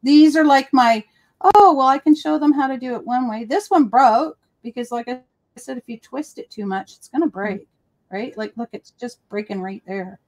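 A high-pitched woman chatting casually while crafting on a livestream. She rambles along with lots of quick asides. Her talk is relaxed and conversational. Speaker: livestream host.

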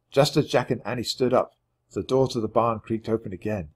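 A man reading a children's chapter book aloud with expressive, dramatic storytelling. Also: mid-range voice, fairly quick. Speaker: audiobook reader. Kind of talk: children's audiobook narration.

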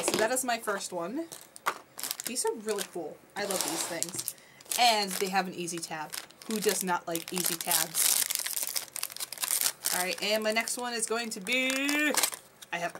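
A woman vlogging a toy unboxing in a casual, gushing, excitable chat at her desk. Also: medium pitch, a little slow, long pauses, background noise. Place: desk at home.

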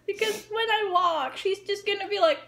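A woman's voice: very high-pitched, normal speed, fairly bright tone. A young woman, a little tipsy, chatting as a vlogger and giggling between phrases. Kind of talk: casual chat.

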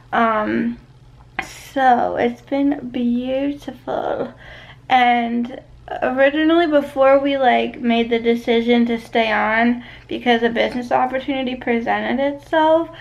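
A woman's voice: on the high side, vocal fry, rough recording. A young woman vlogging casually to camera from a vacation condo, rambling with lots of fillers and restarts.

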